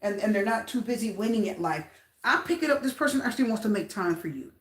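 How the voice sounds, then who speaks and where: Animated woman in an echoey room. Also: medium pitch, quick pace. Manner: animated, repeats phrases, addresses viewers directly. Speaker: tarot reader. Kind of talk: casual tarot reading to viewers.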